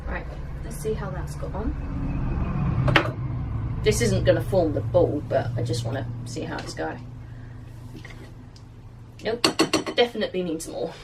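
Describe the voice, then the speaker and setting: A woman's voice: on the low side, animated, a little slow, pauses often, very noisy. A woman vlogger giving a casual how-to baking walkthrough in a home kitchen, chatty and self-deprecating, and coaxing her dough along as she works. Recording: distant mic with faint kitchen clatter.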